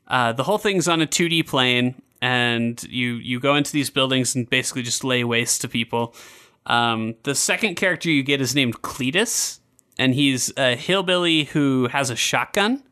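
A man's voice: mid-range voice, moderate pace. A man hosting a podcast, chatting casually and loosely with lots of fillers and restarts. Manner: relaxed, filler-heavy, self-correcting. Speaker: podcast host. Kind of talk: casual game review chat.

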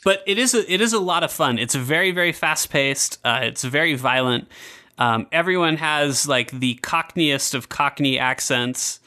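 A man's voice: on the high side, moderate pace. A man hosting a podcast, chatting casually and loosely with lots of fillers and restarts. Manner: relaxed, filler-heavy, self-correcting. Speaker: podcast host. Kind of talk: casual game review chat.

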